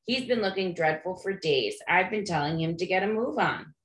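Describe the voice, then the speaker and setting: A woman reading aloud, voicing a calm, amused old male wizard headmaster in a gently dry, unhurried way. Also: on the low side. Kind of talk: read-aloud storybook character voice. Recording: roomy echo.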